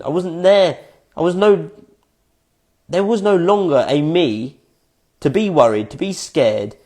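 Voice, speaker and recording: A man's voice: a little high, darkish tone. Swearing, reflective young man reading notes. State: fits of giggling. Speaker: vlogger.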